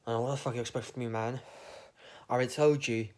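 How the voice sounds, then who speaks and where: Talking fast with fairly even intonation at medium pitch, a vlogger wanders through a loose comic monologue full of absurd tangents and casual cursing.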